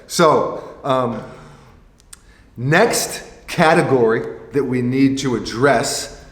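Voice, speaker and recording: A man hosting a sneaker vlog chats casually at a very slow pace in a medium-pitched voice, rambling with jokes and restarts. The recording is roomy, with long, echoing reverb.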